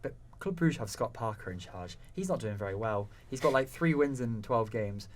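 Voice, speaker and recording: A man's voice: lowish voice, animated, normal speed, distant mic, a little hiss or hum. Young man, hesitant then opinionated. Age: young adult. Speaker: podcast co-host. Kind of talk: casual football chat.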